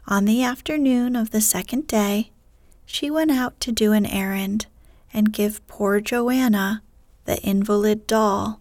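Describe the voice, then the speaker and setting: Slow whispering woman storyteller. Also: mid-range voice, dry recording. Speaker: narrator.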